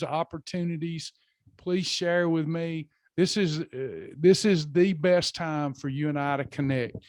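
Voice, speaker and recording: A man's voice: on the high side, a little mellow, no echo, studio quality. A man hosting a live faith-based wellness session, talking earnestly and repeating himself with many fillers. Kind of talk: casual live webinar talk with guided affirmations.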